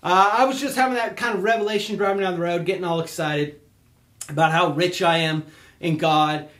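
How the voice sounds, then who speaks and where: A man preaching a casual sermon, excitable and animated, laughing often as he talks. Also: sits high, brisk, reverberant, background noise.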